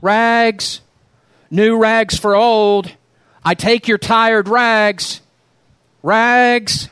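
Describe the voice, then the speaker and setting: A preacher voicing a tall, strong rag man who calls out his trade loudly and speaks gently to the people he meets. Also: on the high side, flat delivery, moderate pace, clean tone, dry recording, studio quality, close to an everyday voice. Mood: calling out. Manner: loud ringing street calls.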